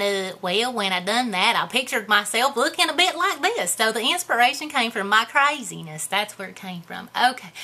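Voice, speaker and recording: A woman's voice: fairly high pitch, sharp tone. A woman playing a goofy, boastful character in a comedy vlog, talking in a rambling, self-mocking way. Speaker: vlogger answering viewer questions.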